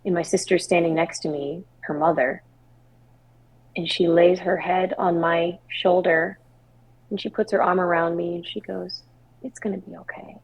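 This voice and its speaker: A woman's voice: on the low side, level tone, normal speed, rough recording. A young adult woman from Washington state, a singer-songwriter and podcast guest, telling personal stories candidly in a casual interview. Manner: candid, emotional storyteller with casual fillers.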